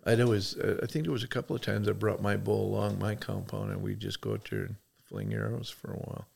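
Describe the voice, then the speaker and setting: Rich: A middle-aged man from Michigan with a very gravelly, creaky voice that sits low. He talks in a folksy, rambling way, filling his stories with "uh" and restarts, like a relaxed podcast guest. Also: fast talker. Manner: folksy, rambling, many fillers. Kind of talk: casual storytelling chat.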